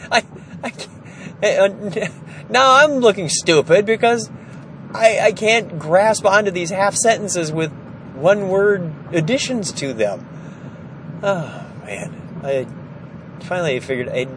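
Middle-aged man, wry exasperated storyteller, lively swooping voice, slightly high, stressed, phone recording in a warehouse, faint background hum. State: stressed and tired. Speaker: vlogger. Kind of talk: casual storytelling vlog. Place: indoor storage warehouse. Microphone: phone held while walking.

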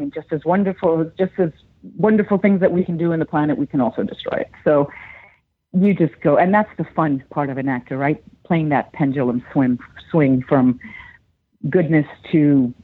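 A man, an actor, reflecting in a casual interview, halting with fillers as he gathers his thoughts. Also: fairly high pitch, husky, dry recording. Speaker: actor guest. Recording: tinny phone-like line.

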